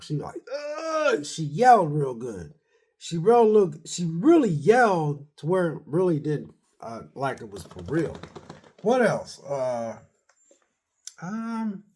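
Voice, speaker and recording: A man casually retelling a horror movie's scenes in a rambling, animated way, full of slang and quotes of what he said to himself while watching. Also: medium pitch, breathy edge. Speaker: movie reviewer.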